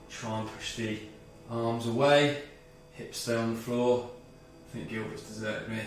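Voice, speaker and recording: A man's voice: medium pitch, steady tone, measured pace, hardly any pauses, very echoey, distant mic, faint music behind. A man leading a guided movement and mindfulness workout as a fitness instructor, slightly out of breath, talking through each move step by step. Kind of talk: guided exercise class.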